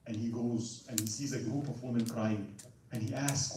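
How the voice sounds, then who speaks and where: A man giving an animated religious history lecture, acting out quotes and asking "right?". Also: mid-range voice, moderate pace. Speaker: Islamic lecturer. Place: large mosque hall. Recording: echoey hall, distant mic, faint noise.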